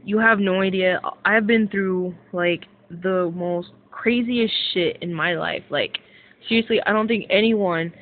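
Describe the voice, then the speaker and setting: A young woman ranting casually to camera as a vlogger, rambling with lots of fillers and swearing excitedly. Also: mid-range voice, measured pace. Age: young adult. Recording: tinny phone-like sound.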